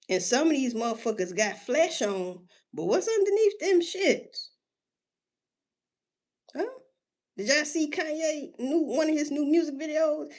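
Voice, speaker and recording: A woman ranting casually to her listeners in street slang, cursing freely and firing off rhetorical questions, with drawn-out emphasis and sudden jumps in pitch. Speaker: solo commentator. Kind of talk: casual rant.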